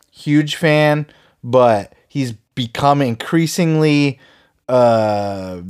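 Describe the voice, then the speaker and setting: A man hosting a podcast, ranting heatedly with lots of swearing and sarcastic put-downs of his listeners. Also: fairly high pitch. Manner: profane, heated, sarcastic mocking. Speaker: podcast host.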